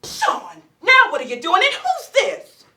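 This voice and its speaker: A bossy supervisor played by a woman swoops wildly in pitch and speaks in a bright, forceful voice. She also stretches her words out slowly. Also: creaky, heavily acted. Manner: bossy, animated. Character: loud, animated supervisor.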